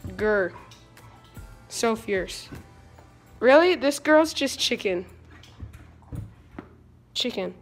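With faint music in the background, a teenage girl with a voice on the high side chats animatedly to her dogs and viewers, drawing out words and pausing often. She's recording a casual vlog on her phone indoors at her family home.

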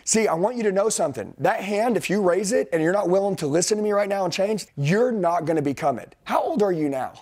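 A man's voice: high-pitched, expressive, fast, hardly any pauses, darkish tone. A middle-aged man giving a blunt, intense motivational sales training to a group, talking straight at the room.

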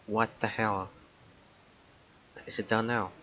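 A man's voice: fairly low pitch, level tone, slow, fairly bright tone, muffled recording. A man giving casual gaming commentary, muttering irritably and swearing a lot. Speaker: gameplay commentator. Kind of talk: casual let's play commentary.

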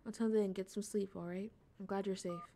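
A woman's voice: mid-range voice, steady tone, brisk, warm tone, a little hiss or hum, close to an everyday voice. A woman reading the lines of an earnest, eager young woman who hunts cryptids and reassures her friend. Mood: gentle. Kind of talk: reading game dialogue aloud.

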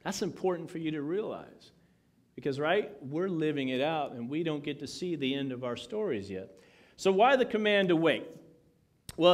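Male pastor, casual joking sermon, slightly raised voice. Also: on the high side. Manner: conversational, joking, many asides.

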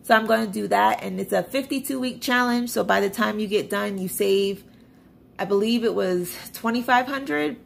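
A woman talks through her budget like she's catching up with friends, chatty and a little self-deprecating. Her voice carries a strong, gravelly fry at mid pitch. She reads numbers off a screen in a casual, unhurried flow. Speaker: budgeting vlogger. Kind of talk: casual budget walkthrough to camera.

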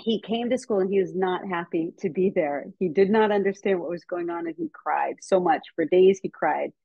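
An American woman giving a lively, chatty talk to teachers and parents over a video call, with frequent ums. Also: fairly low pitch, moderate pace, gravelly, husky, no echo. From United States. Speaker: speaker on child development. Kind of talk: casual lecture to teachers and parents. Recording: dull, slightly muffled video call audio.

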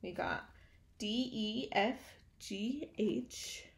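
A woman reading a picture book aloud to young children, slow and animated, stopping to ask her listeners questions. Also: mid-range voice, vocal fry, echoey room.

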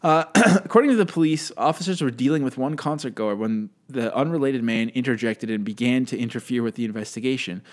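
A man's voice: medium pitch, a little fast, few pauses. A man hosting a podcast, reading out a news story in casual chat and laughing often. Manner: giggly, laughs often, loose and joking. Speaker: podcast host.

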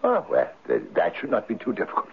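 An actor playing a poor, earnest, idealistic Irish farmer who hesitates with many 'uh's, in a 1970s radio drama. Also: male voice, on the low side, huge pitch swings, fast talker, a little hiss or hum. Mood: uncertain. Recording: tinny lo-fi old radio broadcast.

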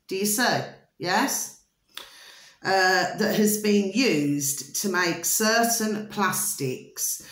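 In a reverberant space, a woman with a lowish, fairly bright voice vlogs in a rambling, chatty monologue. She feels hot and itchy and keeps checking in with viewers using tags like "okay?" and "do you see?"

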